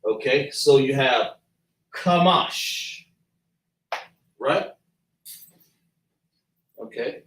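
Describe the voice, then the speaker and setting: A man teaching a slow lesson at a chart, patiently breaking down and repeating sounds as he writes them out. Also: medium pitch, expressive, distant mic, slight background noise. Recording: echoey room, voice from afar.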